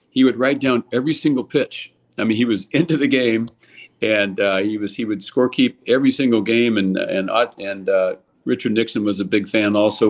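An older man from California, a former baseball player, telling lively stories in a casual interview and acting out the quotes. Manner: animated storyteller, acts out quotes with raised pitch.

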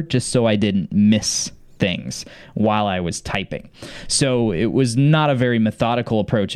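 A man co-hosting a casual rewatch podcast, enthusiastic and quick to laugh, with frequent fillers and restarts. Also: fairly low pitch, a little mellow, smooth, dry recording. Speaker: podcast co-host.

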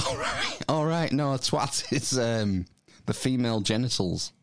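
A man's voice: medium pitch, wildly swooping pitch, a little slow, dry recording, clean studio sound. A man with a Northern English accent chatting casually on a podcast, hesitant with plenty of ums and restarts. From Northern England. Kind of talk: casual chat.

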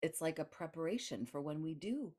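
Low-voiced woman telling a vivid story. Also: fairly quick. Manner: animated, laughs and acts out voices. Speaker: guest author. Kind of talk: storytelling in an interview.

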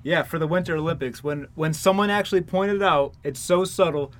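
Young guy, slightly high pitch, easygoing chat with many restarts. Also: fairly quick. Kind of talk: casual chat.

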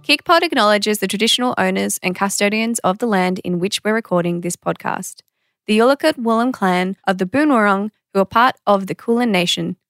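A woman's voice: medium pitch, fairly quick, fairly bright tone, no echo, studio quality, soft background music. A young woman co-hosting a podcast, chatty and teasing, with lots of fillers. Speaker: podcast co-host. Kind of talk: casual chat.

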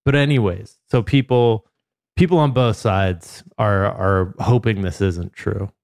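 A man's voice: on the low side, unhurried, creaky, darkish tone, dry recording, clean studio sound. A man hosting a podcast in casual comedic chat, rambling and joking with a co-host.

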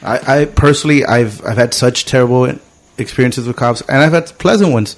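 Brief: man, 30s, mid-pitched, casual podcast storyteller, profane and animated. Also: a little fast. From immigrant.

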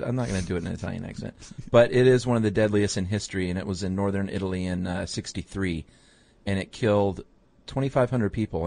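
A man co-hosting a podcast in casual chat, chiming in with quick affirmations and wry asides. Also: low voice, creaky, darkish tone, no echo. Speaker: podcast co-host.

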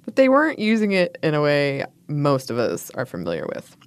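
Chatty low-voiced woman co-host. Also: wildly swooping pitch, fairly quick. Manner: chatty, laughs often, playful asides. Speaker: podcast co-host. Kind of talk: casual chat, reading food history notes.

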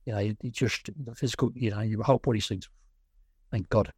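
A man's voice: on the low side, steady tone, a little fast, darkish tone, slightly rough, dry recording, studio quality. A man, a coaching client, telling anecdotes in a rambling way with many restarts. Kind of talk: casual chat on a call.

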